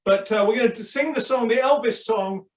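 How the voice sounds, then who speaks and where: A man's voice: very high voice, moderate pace, far from the mic. A man hosting a webinar, playful and encouraging the audience. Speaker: webinar host. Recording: echoey room, off-mic.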